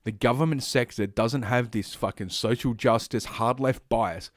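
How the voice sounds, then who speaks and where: A man's voice: mid-range voice, normal speed, no room sound, clean studio sound. Profane ranting man. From Australia. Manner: profane, rambling, heavy swearing. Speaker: streamer. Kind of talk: ranting commentary stream.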